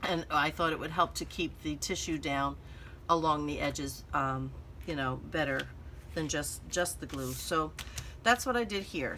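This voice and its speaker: Middle-aged lady rambling through a craft project, low voice with some gravel and a bright edge, faint hum behind. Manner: rambling, thinks aloud with many fillers. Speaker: craft channel host. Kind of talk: casual crafting tutorial chat.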